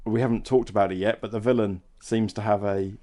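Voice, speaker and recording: A man's voice: fairly low pitch, fairly even intonation, a little fast, mellow. A man co-hosting a film podcast in casual chat, musing aloud, hesitant, often trailing off and restarting. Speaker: podcast co-host.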